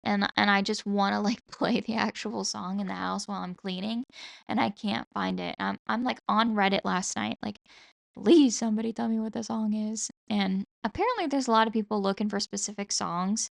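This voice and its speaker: A woman's voice: mid-range voice, moderate pace, gravelly, no echo, studio quality. A young adult woman hosting her own podcast solo, chatting casually and rambling, with lots of "like" fillers and casual swearing. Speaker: podcast host.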